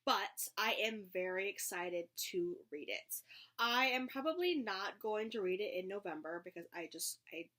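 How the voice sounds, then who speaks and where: Young woman vlogging about books, excited rambling, lots of restarts and little laughs. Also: mid-range voice, normal speed. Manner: gushing, rambling with restarts and giggles. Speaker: book vlogger. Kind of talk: casual chat, book review.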